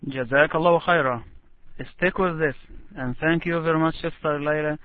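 A man teaching Quran recitation in an online lesson, patiently encouraging and modeling phrases slowly. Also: a little high, steady tone, noisy background. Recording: tinny call audio, dry.

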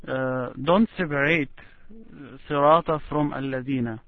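A man teaching Quran recitation one-on-one, patient and slow, demonstrating each word drawn out, over an online call. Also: a little high, no room sound. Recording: tinny phone-like line.

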